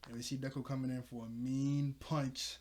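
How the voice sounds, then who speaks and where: A man's voice: medium pitch, level tone, moderate pace, a little mellow. Guy doing a casual comic review, lots of ums and restarts, chuckles to himself, normal mid voice. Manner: rambling, self-correcting, frequent ums, laughs to himself. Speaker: manga reaction host.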